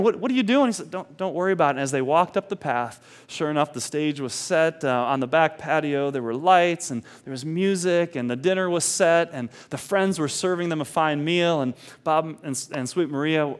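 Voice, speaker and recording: A man's voice: fairly high pitch, moderate pace, few pauses. A man casually retelling a story, with many restarts, who acts out the lines of the people in it. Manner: animated, many restarts, acts out the quoted dialogue.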